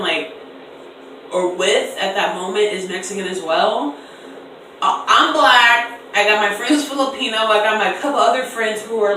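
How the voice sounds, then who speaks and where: A young woman in her twenties telling a storytime on camera in an animated, slangy way, acting out voices in quotes. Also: a little high, slight background noise. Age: 20s. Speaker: vlogger. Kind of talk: casual storytime. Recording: echoey room, distant mic.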